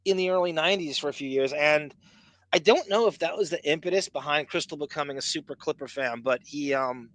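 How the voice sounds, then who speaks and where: A man hosting a podcast, talking in a rambling, animated way. His voice sits a little high and sounds bright and forceful. The sound is dry and close. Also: a little fast, no echo, rough recording. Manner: rambling, laughs loudly, animated storytelling. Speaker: podcast host. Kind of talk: casual chat.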